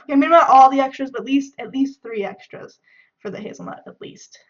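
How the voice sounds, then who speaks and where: A woman's voice: high-pitched, a little fast. A young woman from the Bay Area of California, chatting and giggling as she answers questions in a casual video. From San Francisco Bay Area, California. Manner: chatty and giggly, acts out friends' shouting. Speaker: vlogger. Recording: dull lo-fi sound.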